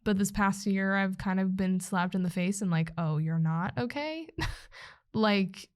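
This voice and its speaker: A young woman co-hosting a podcast, speaking in casual chat with a halting, emotional delivery as she holds back tears. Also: medium pitch. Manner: emotional, halting, trying not to cry. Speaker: podcast co-host. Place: indoor podcast recording.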